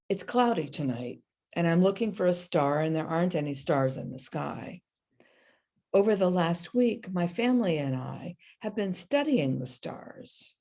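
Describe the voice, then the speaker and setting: A woman minister giving a sermon, telling a story and then leading a slow, meditative prayer. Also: on the low side, dark tone.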